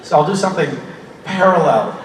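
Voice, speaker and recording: A man's voice: fairly high pitch, lively intonation, fairly quick. Man rambling and laughing in an echoey hall. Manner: laughing, rambling, self-deprecating anecdotes. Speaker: convention panel guest. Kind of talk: casual Q&A storytelling. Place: large convention hall. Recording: echoey hall recorded from far off with noise.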